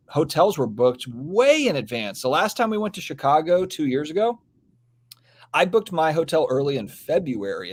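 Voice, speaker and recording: A man hosting a casual live stream, rambling easily and greeting viewers from the comments. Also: mid-range voice. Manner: laid-back, rambling, reads out viewer comments. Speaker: podcast host.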